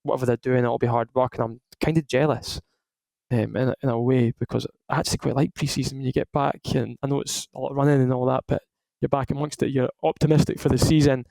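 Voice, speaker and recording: A creaky, mid-range male voice talks fast in a relaxed podcast conversation: he's a Scottish ex-footballer in his thirties who rambles through his stories with lots of false starts. The recording is rough, with no room sound.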